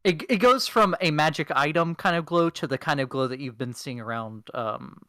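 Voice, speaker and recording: A man acting as game master, narrating a tabletop game over voice chat in a relaxed, self-deprecating way. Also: fairly high pitch, moderate pace, smooth, no room sound.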